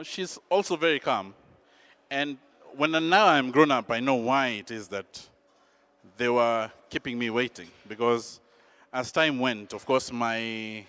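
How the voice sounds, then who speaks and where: A man telling a personal story in an animated, dramatic, self-mocking way. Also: mid-range voice.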